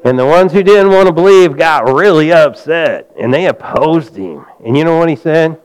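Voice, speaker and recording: A man preaching a sermon, swinging between near-shouts and a low hush and calling out to the congregation for amens. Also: lively intonation, moderate pace, clean tone, low-quality recording. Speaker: pastor.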